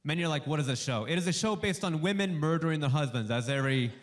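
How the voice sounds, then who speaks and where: Guy doing standup, slightly high voice, punchy jokes, acts out the dialogue. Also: quick pace. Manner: punchy joke delivery with acted-out dialogue. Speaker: stand-up comedian. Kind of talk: stand-up comedy set. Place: live comedy show before a studio audience.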